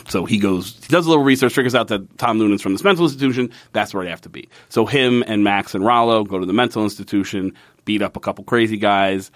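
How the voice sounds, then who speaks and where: A man's voice: lowish voice, fast talker, dry recording. Man ranting casually, dry close sound. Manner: rambling, profane, incredulous and sarcastic. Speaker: podcast co-host recapping a TV episode. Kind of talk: casual chat.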